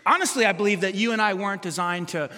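Animated high-voiced male pastor preaching. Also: fast, in a large hall. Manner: animated, humorous, acts out quotes. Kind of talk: sermon.

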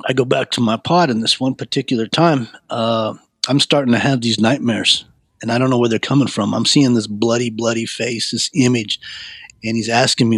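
A man's voice: mid-range voice, steady tone, moderate pace, a bit bright, husky, dry recording. Guy telling his testimony, earnest, stumbles and repeats himself a lot, dry close sound. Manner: earnest, frequent stammered repeats. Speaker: guest sharing his life story. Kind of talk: personal testimony storytelling.

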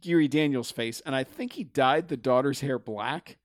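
A man co-hosting a podcast, recapping a movie in casual chat, animated and full of stammered restarts. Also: mid-range voice, normal speed, no room sound, studio quality. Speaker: podcast co-host.

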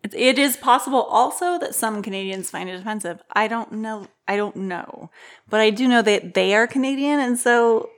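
A woman hosts a relaxed podcast conversation. She is organized and lays out the rules step by step. Her quick asides keep it light. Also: fairly high pitch. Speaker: podcast host. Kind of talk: casual chat.

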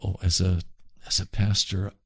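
A man's voice: low-pitched, flat delivery, moderate pace, breathy edge, no echo. A man preaching on his radio broadcast, earnest and pleading, often repeating phrases. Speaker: radio pastor. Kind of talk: radio sermon.

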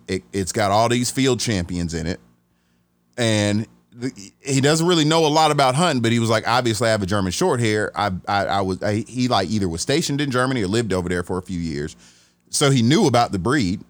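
A man from Atlanta hosting a podcast, telling a story in a casual, animated way, restarting sentences and acting out the voices he quotes. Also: on the low side, moderate pace, dry recording. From Atlanta, USA.

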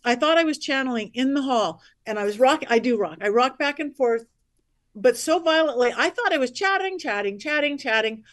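A woman with a somewhat high voice tells stories as a psychic medium guest. She is lively and chatty, slipping into the voices of the people she quotes. The sound is dry and close, with no room echo. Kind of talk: animated storytelling on a podcast.

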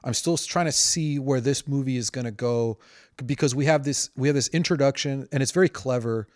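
A man's voice: mid-range voice, a little fast, a little mellow. A man co-hosting a podcast in casual chat, talking in long rambling runs. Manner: rambling, lots of fillers and restarts. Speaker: podcast co-host.

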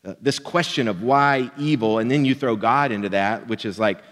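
A man's voice: mid-range voice, normal speed, fairly bright tone. Joking conversational male pastor, reverberant hall. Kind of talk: sermon.

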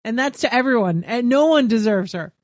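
A woman's voice: a little high, expressive, a little fast, no echo, studio quality. A woman co-hosting a podcast, making wry, teasing remarks in casual chat. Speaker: podcast co-host.

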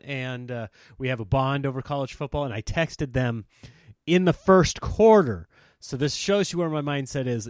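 A man who performs comedy for a living, talking in an animated, self-mocking, rambling monologue. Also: fairly high pitch, dry recording, studio quality. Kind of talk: casual talking-head monologue.

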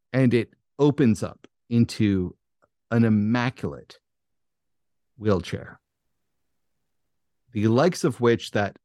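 A man narrating a tabletop game as game master, slow and dramatic, swearing casually. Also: mid-range voice, a little mellow, no echo, studio quality.

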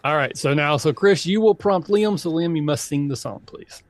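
Animated male podcast host. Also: no room sound. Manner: animated, quick laughs, high exclamations. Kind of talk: casual improv game chat.

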